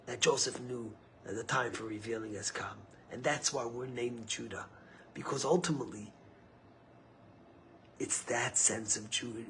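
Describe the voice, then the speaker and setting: A man speaking as a rabbi, giving a sermon with stories, swinging from low, quiet phrases to high, emphatic peaks. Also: slight background noise. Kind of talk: sermon with storytelling.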